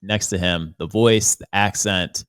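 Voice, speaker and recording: A man's voice: sits low, steady tone, a little slow, a bit bright, clear, resonant tone, dry recording, clean studio sound. A man working as a podcast producer, chatting in an easygoing, joking way. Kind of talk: casual chat.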